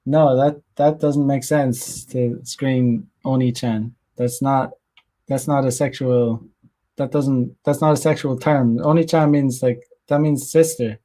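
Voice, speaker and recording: A man's voice: mid-range voice, steady tone, measured pace, warm tone. A young man hosting a casual livestream, rambling crudely with many fillers and frequent laughs while reading chat messages. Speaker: streamer host reading chat.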